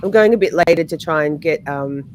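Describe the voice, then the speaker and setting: A woman with an Australian accent in casual livestream chat, in her morning voice, hesitant with frequent ums and throat clearing. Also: low-pitched, fairly quick, a little mellow, slight background noise. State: morning voice, just woke up. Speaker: guest true-crime streamer.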